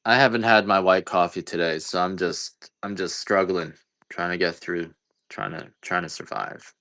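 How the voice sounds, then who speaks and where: A man with a low, steady, sharp-toned voice talks at a normal speed. He's selling coffee on a casual livestream, rambling along and cracking jokes at his own expense in laid-back sales chatter.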